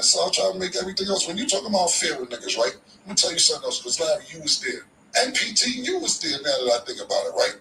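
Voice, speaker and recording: Laid-back storytelling man with a slangy, profane delivery, a bright edge, and an echoey room from off-mic. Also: fairly high pitch, distant mic, a little hiss or hum. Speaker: podcast guest telling a story. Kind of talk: casual storytelling.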